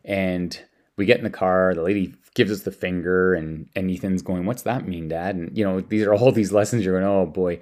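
A man's voice: low-pitched, steady tone, fairly quick, a little mellow. A man from Canada telling personal stories about lessons with his young son, rambling with many restarts. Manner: rambling, with frequent repeated words and restarts. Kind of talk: casual storytelling.

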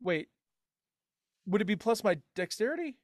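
A man's voice: high-pitched, big pitch swings, normal speed, dry recording, studio quality. A man playing a tabletop game, hesitant and full of restarts and laughs. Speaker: player. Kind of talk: casual tabletop play.

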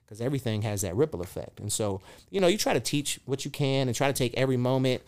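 A man's voice: medium pitch, fast, hardly any pauses, clear, resonant tone. A middle-aged man, a motivational speaker, chatting casually on a podcast, acting out dialogue in his stories and swearing freely. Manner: animated storyteller who acts out dialogue, swears freely.

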